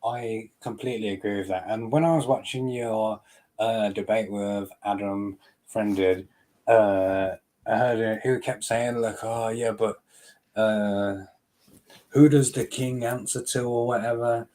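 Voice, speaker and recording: A man's voice: on the low side, fairly even intonation, unhurried, warm tone. Male host, loose and rambling. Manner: loose, filler-heavy banter, reads chat aloud. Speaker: livestream host. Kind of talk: casual livestream chat.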